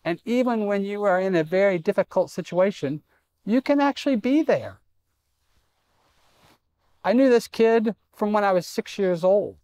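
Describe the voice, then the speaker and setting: A man's voice: sits high, lively intonation, normal speed, pauses often, dark tone, clear, resonant tone. A middle-aged man preaching a sermon in a church, conversational and self-deprecating with humor. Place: church sanctuary.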